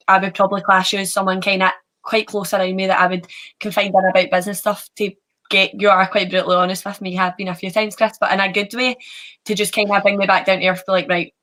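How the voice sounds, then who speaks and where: A woman's voice: medium pitch, flat delivery, a little fast, fairly bright tone. A woman speaking as a podcast guest about her fitness business in casual chat.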